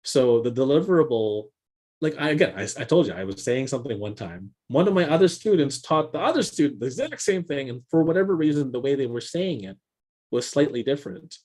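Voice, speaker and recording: A man co-hosting a casual business chat, telling stories with animated swings in pitch and often repeating words as he thinks. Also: a little fast. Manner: animated storyteller, jumps in pitch for quoted voices. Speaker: podcast co-host.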